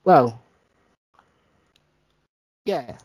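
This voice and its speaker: A man co-hosting a podcast, chatting casually and a bit sleepily. He swears a lot and slips into silly mocking voices. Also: drawn-out words. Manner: sweary, animated, mimics people in silly voices. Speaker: podcast co-host. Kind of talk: casual chat.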